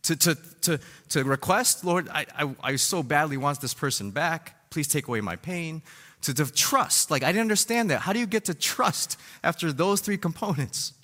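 A man in his thirties delivers a sermon, spinning a personal story in a loose, conversational way, checking in with "right?" and "like" as he goes. His voice sits at an ordinary pitch and rings out with a long hall reverb. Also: normal speed. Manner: animated storytelling with many "right?" and "like". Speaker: pastor.

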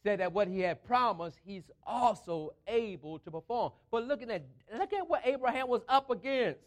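A male preacher with a high-sitting voice and lively intonation delivers a sermon at a moderate pace. His style is emphatic call-and-response, building phrases up and driving them home with distinctive speech patterns.

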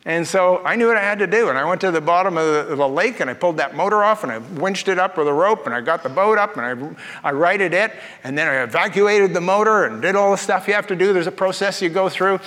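A man with a notably high voice preaches a sermon from the pulpit, telling folksy stories with jokes. His voice carries a long reverb from a church auditorium. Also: fast, fairly bright tone. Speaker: pastor.

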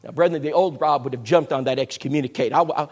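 A man's voice: mid-range voice, quick pace, long reverb tail. A man preaching, telling a story in a folksy, conversational way to his congregation in a church. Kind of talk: sermon storytelling.

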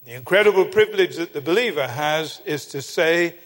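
An older man preaching, telling a personal story in an earnest sermon style that sinks to a hushed tone at tense moments. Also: on the high side, animated, normal speed, hardly any pauses. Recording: long hall reverb.

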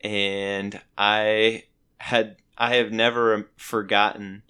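Low, smooth-voiced man telling stories. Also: drawn-out words. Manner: animated, laughs while telling stories. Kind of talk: casual storytelling.

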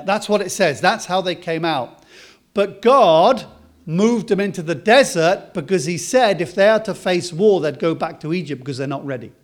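A British man preaching a sermon, swinging from loud, emphatic lines to soft, slow, drawn-out words. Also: a little high. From Britain.

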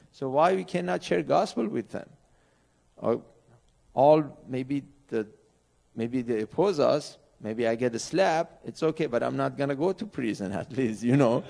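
A middle-aged missionary pastor from Iran preaches a sermon in a church sanctuary, speaking earnest, broken English with an Iranian accent. His voice is medium in pitch, gravelly and somewhat dark in tone.

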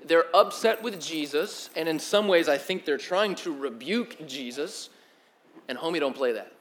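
A young man preaching a sermon, telling the story in an animated, slangy way that swings from loud to hushed. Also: fairly high pitch, moderate pace, slight background noise. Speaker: pastor.

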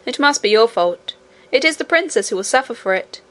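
A woman's voice: a little high, lively intonation, a little fast, a bit bright. A woman voicing a brave, cheerful twelve-year-old miner boy who speaks confidently and matter-of-factly in an audiobook. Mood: firm. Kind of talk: audiobook character reading.

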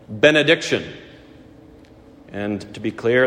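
A middle-aged man preaching a sermon in a church, conversational and gently humorous. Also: mid-range voice, unhurried. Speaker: pastor. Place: church sanctuary. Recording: echoey church hall.

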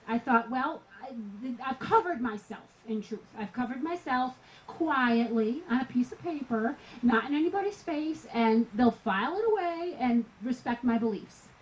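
A woman's voice: high voice, a little hiss or hum, rough recording. A woman preaching at a gospel tent meeting, telling a personal story earnestly, sometimes laughing.

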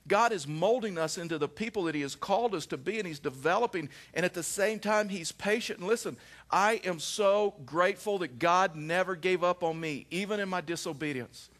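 Animated middle-aged preacher, slightly high voice. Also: male voice, fairly quick. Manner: animated storyteller, frequent restarts and "I mean". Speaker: pastor. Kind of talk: sermon with personal storytelling.

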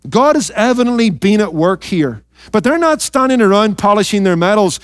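High-voiced man preaching a sermon. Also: expressive, normal speed, hardly any pauses, smooth, dry recording, studio quality. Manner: emphatic preaching, drops to quiet intense asides; addresses listeners directly with rhetorical questions. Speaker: pastor.

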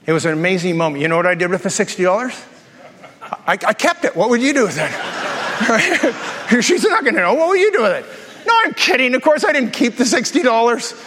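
A man's voice: sits high, lively intonation, fairly bright tone. Male pastor, upper register, joking sermon delivery, long church-hall reverb. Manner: jokey storytelling, quick asides and self-repeats.

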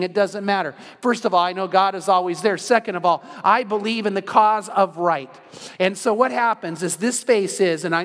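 A man's voice: sits high, big-room sound. A man preaching an earnest evening sermon as pastor, emphatic and repetitive in his phrasing.

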